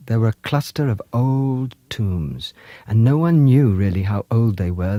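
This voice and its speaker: A man telling stories from his childhood in India in a gentle, lyrical, unhurried way. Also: fairly low pitch, no room sound. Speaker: storyteller. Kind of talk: storytelling narration. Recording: music playing underneath.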